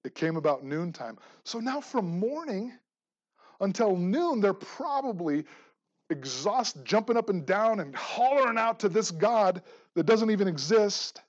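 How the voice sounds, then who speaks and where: A man preaching a sermon, animated and expressive, moving between loud emphasis and quiet asides, joking with the congregation. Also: high voice, a little slow, muffled recording. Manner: jokes and laughs with the congregation. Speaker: pastor.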